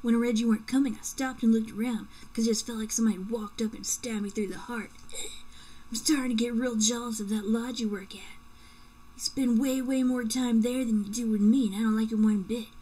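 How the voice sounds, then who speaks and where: A woman's voice: fairly high pitch, steady tone, a little fast, mellow, a little hiss or hum, close to an everyday voice, low-quality recording. A woman reading aloud the love letters of a possessive young man, with mock drama.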